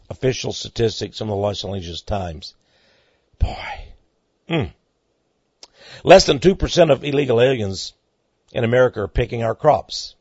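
A man hosting a monologue commentary, speaking emphatically and climbing into excited outbursts, on a dull lo-fi recording. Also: mid-range voice, husky, no room sound. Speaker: commentary host.

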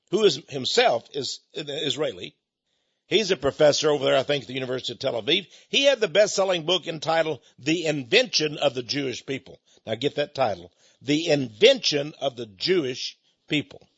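An older man hosts a radio ministry show in a chatty, folksy monologue, stumbling over restarts and chuckling to himself. His voice sits slightly high and swings widely in pitch, with a husky edge. The audio is dull and lo-fi. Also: a bit bright.

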